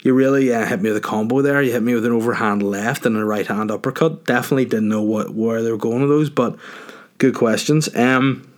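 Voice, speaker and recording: A man's voice: medium pitch, fairly even intonation, a little fast. A young man with a Northern Irish accent hosting a podcast, answering listener questions in a crude, joking, rambling way. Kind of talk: casual chat.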